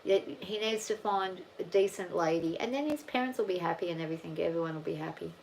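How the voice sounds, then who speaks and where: A middle-aged Australian woman who runs a farm channel chats casually with livestream viewers, rambling and thinking aloud with many restarts. Her fairly low voice is brisk, gravelly and a little mellow, and the poor audio carries slight background noise.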